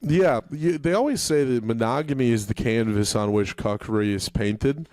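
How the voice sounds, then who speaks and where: A man's voice: medium pitch, normal speed, no echo. Rambling American man, dry mic. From United States. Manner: rambling, filler-heavy, deadpan jokes. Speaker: podcast co-host. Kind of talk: comedy podcast banter.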